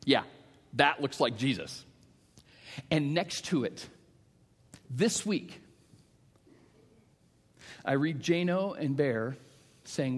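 A middle-aged male pastor preaching a sermon, telling stories that swing from hushed to emphatic. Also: mid-range voice, animated, slow pace, pauses often, breathy edge. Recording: long reverb of a large hall.

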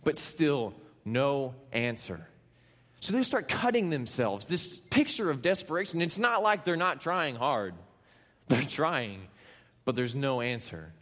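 A man from Kansas preaches a sermon, telling the story with lively, playful asides. His middle-pitched voice carries a long reverb, as if he were in a large hall. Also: unhurried. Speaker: pastor.

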